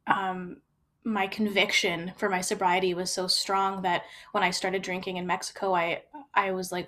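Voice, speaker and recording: A woman's voice: medium pitch, flat delivery, measured pace, fairly bright tone. Candid woman recounting her own story. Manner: candid and reflective, frequent fillers and restarts. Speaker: storyteller sharing personal experience.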